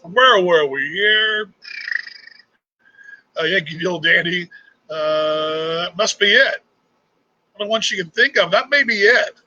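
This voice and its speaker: A man's voice: sits high, slow pace, pauses often, bright, forceful tone, no room sound, muffled recording. A middle-aged man from Texas with a Texan accent, hosting a casual live chat in a rambling, chatty way. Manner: rambling, chatty, restarts often. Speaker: host.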